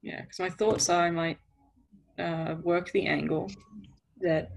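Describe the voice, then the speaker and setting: A woman player in a casual tabletop game, talking in a relaxed, brief way. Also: fairly low pitch, takes it slowly, vocal fry, long pauses, slight background noise.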